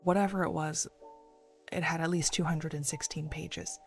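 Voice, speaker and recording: A woman streaming in a hushed, half-whispered morning voice, reading an academic paper aloud in a soft ASMR style and chatting casually in between. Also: sits low, fairly even intonation, normal speed. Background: faint background music.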